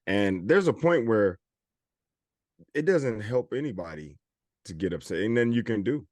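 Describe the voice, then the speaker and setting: A man co-hosting a podcast in easygoing chat. He has a low voice, uses plenty of slang and repeats his points for emphasis. The recording is dry and close. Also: lively intonation, moderate pace, a little mellow, no room sound. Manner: laid-back, uses slang, drawls with emphatic repetition. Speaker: podcast co-host. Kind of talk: casual chat.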